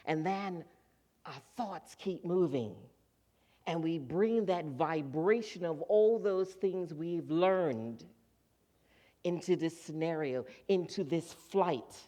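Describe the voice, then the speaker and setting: A minister giving a sermon in a church, telling a story with lively acted-out voices. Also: medium pitch, slow pace. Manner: animated storytelling, acts out quoted voices. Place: church sanctuary.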